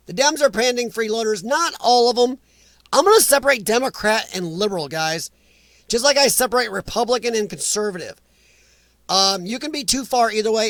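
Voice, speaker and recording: High-voiced man ranting on a stream. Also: a bit bright, dry recording. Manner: opinionated, ranting, blunt. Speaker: live stream host. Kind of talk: casual live-stream chat reading comments.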